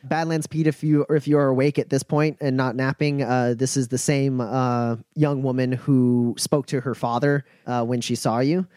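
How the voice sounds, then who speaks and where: A man's voice: mid-range voice, level tone, moderate pace, few pauses, a little mellow, dry recording, clean studio sound. A man narrating a tabletop game as game master, loosely, with many fillers.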